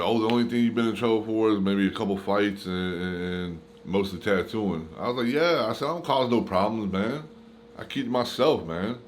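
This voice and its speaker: A man's voice: on the low side, slight background noise. A man casually telling a personal story to his camera, in slangy talk, acting out the lines of the people in it. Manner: slangy, animated retelling with quoted dialogue. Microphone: camera mic.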